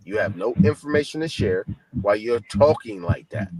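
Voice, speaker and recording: A man's voice: lowish voice, moderate pace, poor audio. A man from California speaking emphatically as a panelist on a heated live-stream debate, acting out what others said. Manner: emphatic, animated, mimics others.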